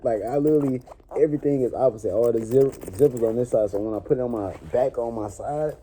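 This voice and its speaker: Animated young man. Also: mid-range voice, fast talker, a little hiss or hum. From New Orleans. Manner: animated, swearing, laughs often. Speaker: vlogger. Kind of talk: casual story time monologue.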